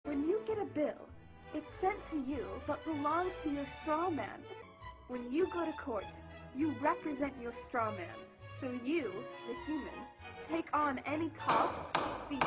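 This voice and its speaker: High-voiced woman, mocking sing-song narration, music playing under her. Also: poor audio. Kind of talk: scripted narration. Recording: music bed behind voice.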